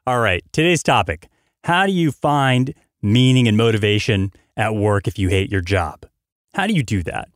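A man's voice: fairly low pitch, lively intonation, unhurried, no room sound, studio quality. A man hosting a motivational podcast, talking energetically and emphatically, hammering points through repetition. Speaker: podcast host.

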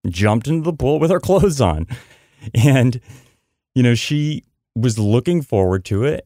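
A man's voice: medium pitch, a little mellow, no room sound, clean studio sound. A man hosting a podcast, telling a story in a chatty way, with many asides and repeated words for emphasis. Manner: chatty, lots of "I mean" and "you know" asides. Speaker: podcast host.

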